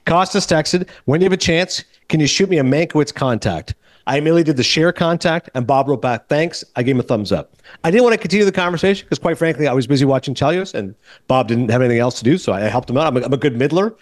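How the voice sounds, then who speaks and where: A middle-aged man from Canada hosting a casual film podcast, telling animated stories and acting out other people's lines. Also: on the high side, fast talker, no room sound. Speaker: podcast host.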